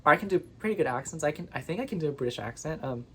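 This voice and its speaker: A chatty vlogger talks in a loose, rambling way and keeps drifting onto new tangents. The voice sits at an ordinary middle pitch, and a faint background hiss runs under it. The tone turns playfully indignant when the talk gets heated. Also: expressive, rapid-fire, bright, forceful tone. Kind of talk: casual rambling monologue.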